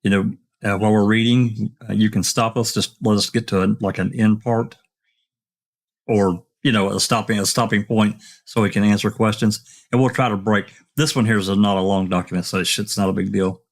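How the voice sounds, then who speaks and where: A man's voice: on the low side, fairly even intonation, fairly quick. A man hosting an online open mic discussion, talking casually with many fillers and restarts. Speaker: podcast host.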